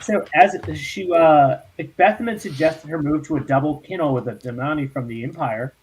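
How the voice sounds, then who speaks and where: A man hosting a podcast in casual chat, unhurried and laughing often. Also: a little high, darkish tone, breathy edge. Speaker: podcast host.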